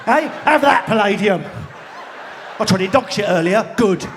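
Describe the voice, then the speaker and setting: Brash sweary Essex comedian, high voice. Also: male voice, lively intonation, moderate pace, fairly bright tone. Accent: Essex and London. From Enfield, England. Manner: brash, sweary, crowd-baiting. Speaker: stand-up comedian. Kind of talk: live stand-up comedy. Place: large theatre. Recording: live theatre with crowd noise.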